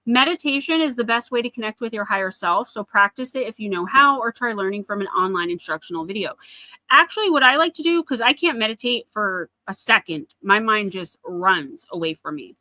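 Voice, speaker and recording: A woman's voice: mid-range voice, lively intonation, a little fast, sharp tone, no echo. A woman with a New Jersey accent giving a live oracle card reading. She chats directly to viewers and often calls them by name.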